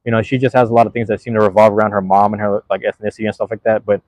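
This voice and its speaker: A man with a low voice chats his way through a comedy show recap in a loose, slangy style, with plenty of fillers and restarts. The sound is dry and close, with almost no room around it. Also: level tone, rapid-fire, darkish tone, no room sound, rough recording. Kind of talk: casual rambling recap. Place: outdoors near a playground.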